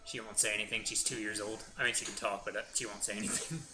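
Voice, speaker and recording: A man's voice: lowish voice, steady tone, fast, over music, rough recording. A young man giving casual gameplay commentary, playful and rambling as he tries out silly voices. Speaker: gaming YouTuber.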